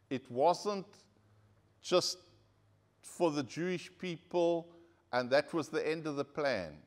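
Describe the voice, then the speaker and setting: A male pastor preaching a sermon to his congregation, earnest and direct, asking the people for an amen. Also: medium pitch. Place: church.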